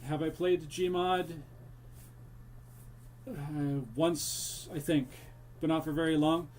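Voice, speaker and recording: A young man's slow, flat, somewhat high voice with a darkish tone carries over a little hiss or hum. He chats with viewers during a live horror-game stream, his casual commentary wandering into a mock pirate accent.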